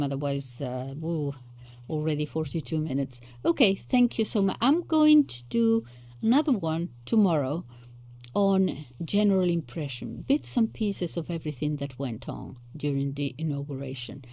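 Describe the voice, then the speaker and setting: A woman's voice: low voice, expressive, moderate pace, warm tone. A woman host giving unscripted solo commentary, thinking aloud as she muses and searches for words. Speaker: channel host.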